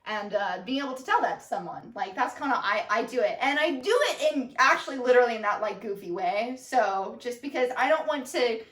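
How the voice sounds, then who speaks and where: A young woman with a fairly high voice talks in an animated, goofy way, acting out her own inner thoughts as she chats. She sits at a distance from the microphone in a room with an echoey, roomy sound. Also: a little fast, few pauses. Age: young adult. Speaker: podcast co-host, daughter. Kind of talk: casual conversation.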